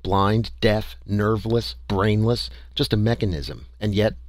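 Low-voiced man reading an audiobook. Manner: measured first-person storytelling. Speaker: audiobook narrator. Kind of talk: scripted audiobook narration.

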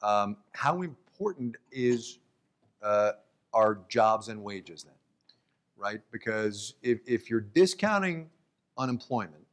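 A man, a radio host, interviewing a guest onstage with short affirmations and measured questions. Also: on the low side, animated.

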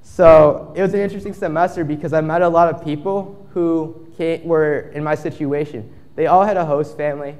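A man's voice: a little high, steady tone, moderate pace, hardly any pauses, darkish tone, in a large hall. A young man in his twenties giving a casual storytelling talk at a conference, acting out the quotes in his story. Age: 20s. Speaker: conference speaker. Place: conference stage.

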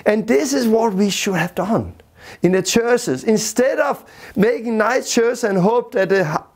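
Teaching a Bible lesson, this man speaks in a high voice and a little slowly, repeating key words over and over to drive them home. His wording is simple with minor grammar errors, and he holds a steady, classroom-style rhythm.

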